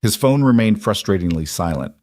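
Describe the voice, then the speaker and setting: Low-voiced man narrating a story. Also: expressive, brisk, darkish tone, dry recording, clean studio sound.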